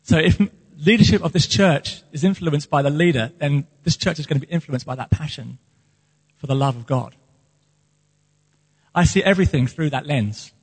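Earnest high-voiced pastor in a reverberant hall. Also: male voice, moderate pace, breathy edge. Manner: earnest, impassioned preaching. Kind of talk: sermon.

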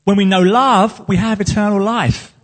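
A man's voice: sits high, fairly even intonation, normal speed. A man preaching as the pastor of his church, speaking earnestly and with passion about his calling. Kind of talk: sermon. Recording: long hall reverb.

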